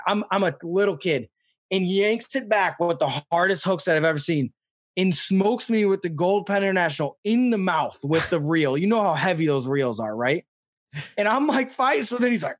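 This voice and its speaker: A young man from Missouri telling stories in a casual interview, rambling and excitable with many fillers. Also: high-pitched, a little fast, no echo, studio quality. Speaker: podcast guest, fishing show host.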